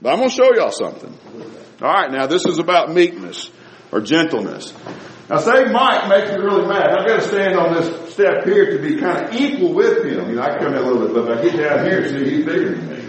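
A man preaching a sermon in a church, folksy and animated, dropping to soft low tones for emphasis. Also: fairly quick, slight background noise.

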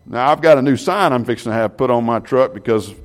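A man preaching to a Bible class, animated and full of rhetorical questions. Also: mid-range voice, fast.

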